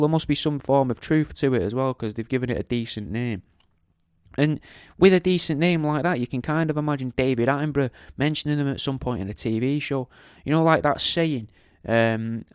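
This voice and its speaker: A man's voice: medium pitch, clear, resonant tone, no room sound, studio quality. A middle-aged man hosts a radio show, rambling in a jokey, crude, digressive way and tagging questions onto his lines. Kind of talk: casual rambling monologue.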